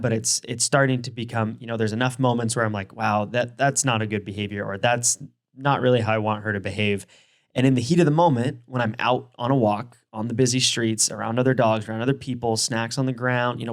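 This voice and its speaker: A young man hosting a dog training video, giving advice in a casual, conversational way, with frequent fillers and restarts. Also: medium pitch.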